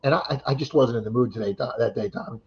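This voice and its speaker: Fast-talking man telling a story. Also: mid-range voice. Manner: animated retelling, acting out quoted voices. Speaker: livestream chat co-host. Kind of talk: casual storytelling chat. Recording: slightly dull lo-fi livestream audio.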